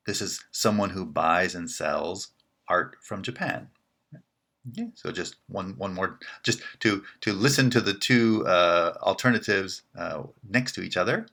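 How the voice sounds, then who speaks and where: A man giving a recorded linguistics lecture, explaining in a measured way and often checking in with "right?". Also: deep voice, bright, forceful tone.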